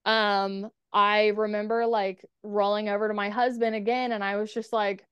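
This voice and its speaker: A woman's voice: mid-range voice, little pitch movement, normal speed, hardly any pauses, a bit bright, smooth, no room sound. A woman guest on a podcast, telling a personal story in a frank, casual way, with blunt swearing and lots of "like". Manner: frank, swears freely, many "like" fillers.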